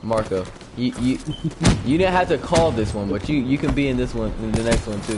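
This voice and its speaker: A man's voice: mid-range voice, brisk, heavy background noise. A young man, a gaming YouTuber, telling a casual story into a new microphone. He rambles, fills his talk with "like", and acts out the quoted lines. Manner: rambling, heavy on "like" fillers. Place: at home, streaming live while gaming. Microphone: new desk microphone.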